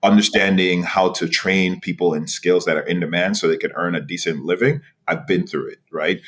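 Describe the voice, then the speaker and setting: A man in his forties from New York, a podcast guest telling his career story in an animated way, with many restarts and a repeated "right?". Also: sits low, fairly quick. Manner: animated, frequent laughs and restarts, rhetorical "right?". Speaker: podcast guest, executive director. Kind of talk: storytelling interview.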